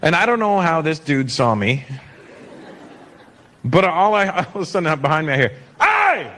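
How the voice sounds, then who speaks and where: A man from Canada doing stand-up comedy, chatting playfully with the crowd in an animated way. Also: a little high, normal speed.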